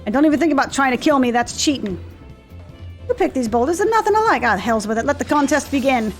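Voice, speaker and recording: A woman's voice: high voice, animated, quick pace, soft background music. A woman voicing a blustering male sea captain boss in a video game, barely trying an accent. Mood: bossy. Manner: rough pirate-style talk, half-hearted accent.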